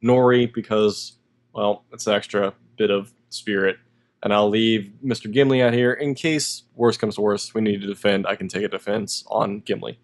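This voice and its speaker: A man's voice: on the low side, steady tone, normal speed. Laid-back wry male card game player. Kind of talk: casual tabletop game podcast.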